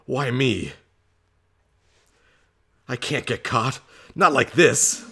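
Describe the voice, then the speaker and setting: A man's voice: medium pitch, lively intonation, very slow, creaky, sharp tone, husky, soft background music, full character voice. A man voicing a scheming male killer in a game, panicky and sly.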